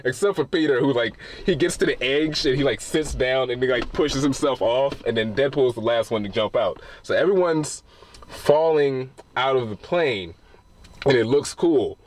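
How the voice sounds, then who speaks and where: With slight background noise in the clip, a medium-pitched man talks at a normal speed through a film's spoilers. He's a movie reviewer whose delivery is loose and profane, full of restarts.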